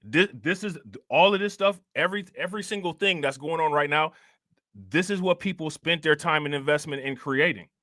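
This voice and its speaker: A man hosting a casual livestream in loose, slangy talk, tossing in "you know what I'm saying" again and again. His voice is bright and pitched a little high, and the sound is dry and close to the mic. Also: a little fast, no room sound. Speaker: livestream host.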